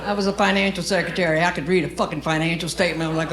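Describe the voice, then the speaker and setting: A woman's voice: on the low side, fairly even intonation, rapid-fire, a crowd in the background. A middle-aged woman from Louisiana with a Southern accent and a smoky voice, telling brash, profane stories in a stand-up comedy set on a club stage. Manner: brash, profane, storytelling delivery. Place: comedy club stage before a live audience. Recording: echoey club room.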